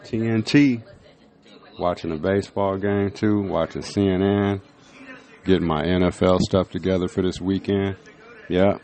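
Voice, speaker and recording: Low-voiced laid-back man vlogging. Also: fairly even intonation, unhurried, a little mellow. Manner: laid-back, rambling, full of fillers. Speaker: vlog host. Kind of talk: casual chat. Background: music playing.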